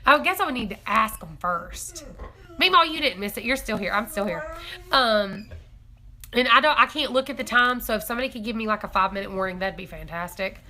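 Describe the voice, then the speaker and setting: Bright, giggly woman. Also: fairly high pitch, expressive, brisk. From East Tennessee. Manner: chatty and giggly, reads viewer comments aloud. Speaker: homestead livestream host. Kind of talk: casual live-stream chat.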